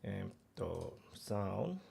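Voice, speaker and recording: A man's voice: low voice, big pitch swings, extremely slow, creaky, background noise. A man hosting a live stream in a casual, rambling way, filling gaps with chatter and talking to viewers. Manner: rambling, lots of fillers and restarts, chatting with viewers.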